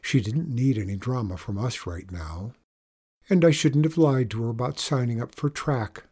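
A man with a husky voice narrating a story in a measured, low-key first-person telling. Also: a little mellow.

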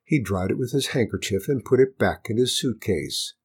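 Husky male storyteller with a lilting voice. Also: fairly low pitch, animated, normal speed. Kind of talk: children's storybook reading.

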